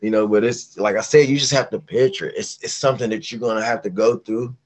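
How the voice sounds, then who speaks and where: A man's voice: lowish voice, fast talker. A middle-aged man from West Virginia, a singer telling stories as a guest in a casual interview and acting out the voices he quotes. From West Virginia, USA. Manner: animated, acts out quoted voices.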